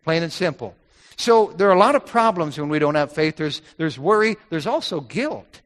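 A man's voice: fairly high pitch, expressive, normal speed, a bit bright. Emphatic preacher man in a reverberant hall. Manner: emphatic, repeats key phrases, quotes scripture in old wording. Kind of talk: sermon.

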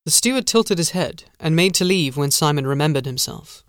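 A man narrating a gothic horror story in a measured, scripted audiobook style. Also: on the high side, animated, clear, resonant tone, dry recording, clean studio sound.

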